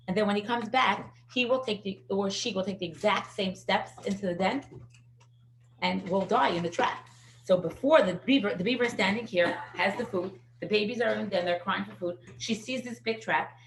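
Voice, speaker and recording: A woman's voice: medium pitch, a little hiss or hum. Middle-aged woman teaching a class. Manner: lively anecdotal storytelling. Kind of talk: parenting class lecture. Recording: echoey room.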